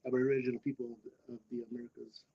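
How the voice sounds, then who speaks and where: A man's voice: medium pitch, flat delivery, racing, gravelly, breathy edge. A man translating a French phrase aloud, hesitant and feeling for words. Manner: hesitant, feels for words with fillers. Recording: faint, far from mic, lo-fi.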